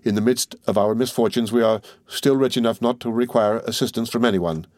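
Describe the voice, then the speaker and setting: A man's voice: medium pitch, a little mellow, no echo, studio quality, close to an everyday voice. A man reading as a proud ruined young nobleman. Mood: dignified. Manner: measured, formal.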